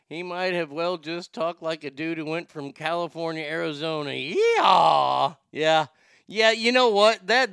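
A man's voice: on the high side, fairly bright tone, clear, resonant tone, no room sound, studio quality. A man giving loose, rambling commentary on a clip, with sighs and the odd curse. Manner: rambling, sighing, swearing. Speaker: streamer reacting to clips. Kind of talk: casual commentary.

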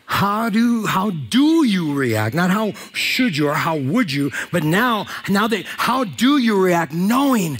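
A male pastor with a high, bright voice preaches with lively energy. He jokes and teases the congregation, then swings up into near-shouting emphasis. His delivery is loose and conversational. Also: slow, hardly any pauses. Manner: animated, joking with the congregation. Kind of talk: sermon. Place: church hall.

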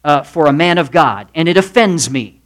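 A woman's voice: sits low, lively intonation, normal speed. A prim, indignant churchwoman who huffs and scolds over a small offense. Her delivery stays clipped and self-righteous, voiced by a man in a sermon. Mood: huffy. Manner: huffy, scolding.

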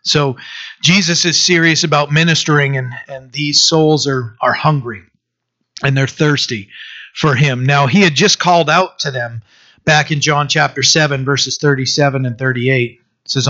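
Guy preaching, slightly high voice, stops and restarts a lot, kinda muffled lo-fi recording. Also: fairly even intonation, pushed and bright. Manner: halting, many fillers and restarts. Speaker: pastor. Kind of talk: sermon.

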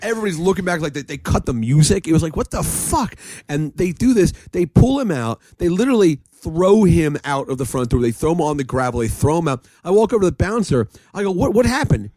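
Man, lively swooping delivery, rambling casual storyteller, dry close sound. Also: fairly high pitch, fast talker, hardly any pauses, no echo. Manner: rambling, animated storyteller with frequent laughs and profanity.

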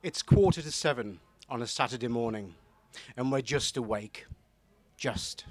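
A man from Newcastle with a soft northern English accent, performing a true-story poem to a live audience, hesitant with ums and dropping into a hushed, intimate reading. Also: mid-range voice, a little slow, no echo. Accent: soft northern English, not strongly Geordie. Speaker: comedy poet performer. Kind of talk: live spoken-word poetry performance.

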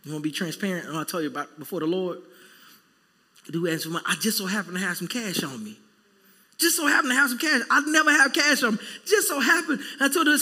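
A male pastor preaching a sermon, casual and animated, acting out quick bits of everyday dialogue. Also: high-pitched. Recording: long reverb in a church hall.

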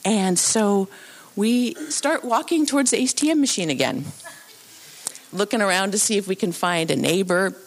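A woman telling a true story live on a theatre stage into a microphone, animated and acting out the voices of the people in it. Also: mid-range voice, normal speed. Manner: animated, acts out voices and sounds.

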